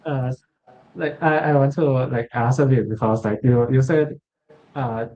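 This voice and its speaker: A man's voice: mid-range voice, a little slow. Hesitant young man, dull muffled sound. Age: young adult. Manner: hesitant, many "uh" and restarts, quiet. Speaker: student discussion participant. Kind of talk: casual group discussion.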